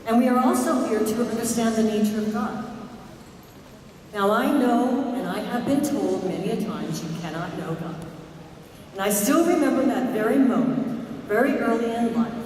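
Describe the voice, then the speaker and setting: A woman giving a live spiritual talk to an audience. She often quizzes the listeners and slows down to stress key words. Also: medium pitch, darkish tone, slight background noise. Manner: asks the audience questions, slows down for emphasis. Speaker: spiritual speaker. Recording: echoey hall from far off.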